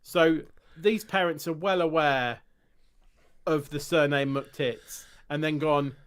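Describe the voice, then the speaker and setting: Jokey rambling man, raised pitch. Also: slow pace, a bit bright, clear, resonant tone. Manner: jokey, rambling, reads listener mail aloud. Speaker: podcast co-host. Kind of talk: casual chat.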